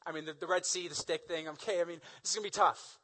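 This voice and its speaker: A man preaching a sermon, retelling the stories in animated, casual language full of slang. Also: on the high side, fast, slightly rough, rough recording. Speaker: pastor.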